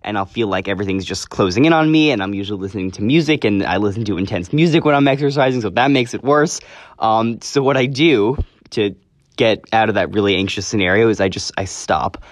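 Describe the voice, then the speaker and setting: A man's voice: on the low side, lively intonation, brisk, dry recording, studio quality. A teenage boy hosting his own podcast, talking casually and earnestly, often correcting himself as he goes. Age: teens. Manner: rambling, earnest, self-correcting. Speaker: podcast host. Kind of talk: casual solo podcast talk.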